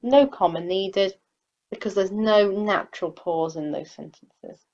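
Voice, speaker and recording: A woman's voice: medium pitch, a little slow, darkish tone, highs cut off. A woman teacher explaining sentence structure in a recorded grammar lesson, patiently reading example sentences aloud. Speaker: English teacher.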